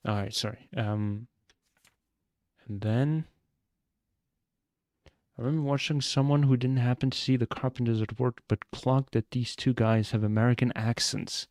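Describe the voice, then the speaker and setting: A man's voice: medium pitch, steady tone, normal speed, long pauses, a little mellow, no echo, studio quality. A young man streaming a mystery game live, chatting and joking with his viewers as he plays. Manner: chatty, joking, answers chat.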